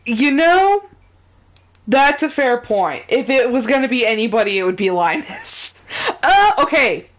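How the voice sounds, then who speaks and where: A woman's voice: a little high, big pitch swings, measured pace. A woman streamer chatting casually and laughing often while commenting on a game she is playing live.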